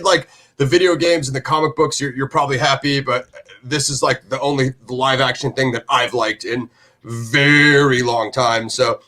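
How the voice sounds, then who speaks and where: A man's voice: mid-range voice, sharp tone. A man hosting a review show in loose, rambling casual chat, full of fillers and restarts.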